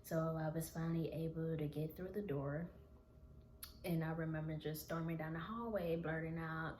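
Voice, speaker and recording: A woman vlogger telling a personal story in an earnest, halting, confessional way. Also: low voice, fairly even intonation, darkish tone, echoey room.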